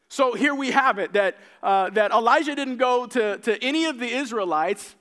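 A man preaching a sermon, retelling scripture stories with lively acted-out dialogue and frequent repeated words. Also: very high-pitched, moderate pace, few pauses. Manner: animated storytelling, acting out characters' lines.

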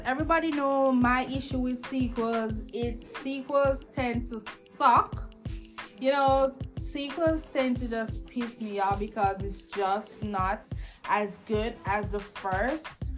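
Woman chatting slow and casual, opinionated, keeps restarting, faint music under her. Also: on the high side. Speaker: podcast host reviewing shows. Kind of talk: casual chat.

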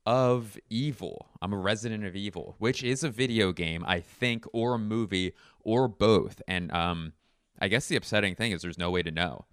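A man in his thirties with a lowish, smooth, resonant voice rambles through a comedic podcast monologue. He jumps between absurd tangents and deadpan asides. The sound is close and dry, with no room around it. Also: moderate pace, no echo. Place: home.

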